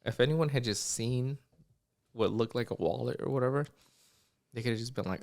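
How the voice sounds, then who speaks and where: A young man co-hosting a podcast tells a story fairly quickly, his mid-range voice creaky. Casual and animated, he acts out the people in it and swears liberally.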